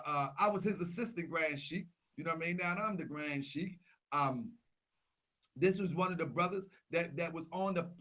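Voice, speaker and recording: Young man, high voice, bright tone, casual vlog host, repetitive, grows loud and animated. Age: young adult. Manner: repetitive, animated, talks louder as he gets worked up. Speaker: Grand Sheik and channel host. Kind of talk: casual live vlog showing photos.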